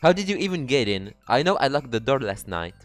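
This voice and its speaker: A man playing a dating game, reading its text aloud and breaking into excitable, profane jokes. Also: mid-range voice, fairly quick, no echo, soft background music. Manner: excitable, swearing, jokey. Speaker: let's player.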